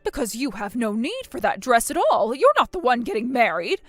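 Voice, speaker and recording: A woman's voice: fairly high pitch, big pitch swings, moderate pace, a bit bright, no room sound, soft background music. A woman voicing a stern, scolding middle-aged mother in a text-message drama, speaking in a cold, commanding way. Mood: scornful. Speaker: voice actor.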